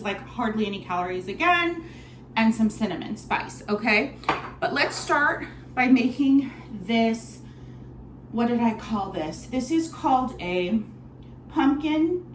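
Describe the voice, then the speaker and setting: A woman's voice: a little high, slight background noise. A woman bartender giving a casual, chatty cocktail tutorial at home, bubbly and swearing offhandedly. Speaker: bartender at a lounge. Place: home kitchen or bar area of an apartment. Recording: roomy echo with music behind.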